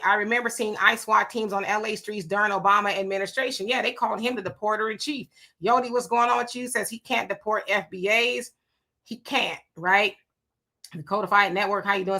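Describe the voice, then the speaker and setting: A middle-aged woman hosting a casual livestream, greeting viewers by name and reading their comments aloud with quick asides of her own. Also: medium pitch, bright, forceful tone. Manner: greets viewers by name one after another. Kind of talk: casual live-stream chat.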